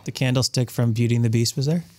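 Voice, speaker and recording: A man's voice: mid-range voice, fairly even intonation, fast, a little mellow. A man co-hosting a podcast, chatting casually and teasing with questions. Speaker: podcast co-host. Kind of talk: casual chat.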